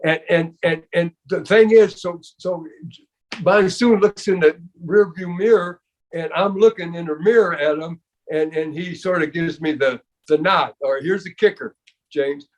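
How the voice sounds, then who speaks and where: A man's voice: a little high, measured pace. An older man telling a story as an interview guest, rambling with many restarts and repeated fillers.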